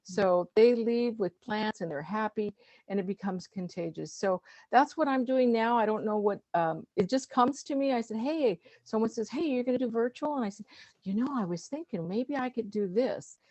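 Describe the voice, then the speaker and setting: A woman's voice: mid-range voice, moderate pace, darkish tone, no echo. A middle-aged woman, a guest speaker and master gardener, talking casually with many fillers and restarts. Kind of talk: casual conversational talk.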